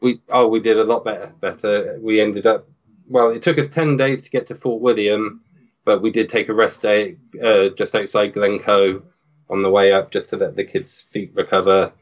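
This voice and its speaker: A man with a fairly low voice explains things in a calm, matter-of-fact way as a podcast guest. His sound is dull and a bit lo-fi. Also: moderate pace. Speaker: guest, hiking father. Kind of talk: interview.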